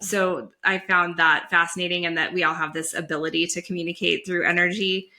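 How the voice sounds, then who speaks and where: A woman's voice: on the low side, level tone, fairly quick, bright, forceful tone. A woman hosting a podcast, asking questions in a chatty, enthusiastic way. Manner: chatty, enthusiastic, many fillers. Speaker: podcast host. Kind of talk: casual interview chat.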